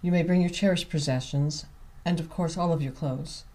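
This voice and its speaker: A man voicing a methodical, serious Frenchman in an audiobook reading, who delivers his lines gravely and insistently. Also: on the high side, fairly even intonation, normal speed, a little mellow, close to an everyday voice. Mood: urgent.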